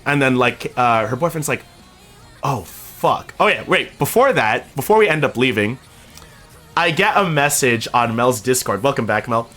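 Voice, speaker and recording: Bright-voiced young man rambling through a story. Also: medium pitch, animated, normal speed, soft background music. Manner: rambling, swears freely, laughs through his story. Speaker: streamer. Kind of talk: casual storytelling on a stream.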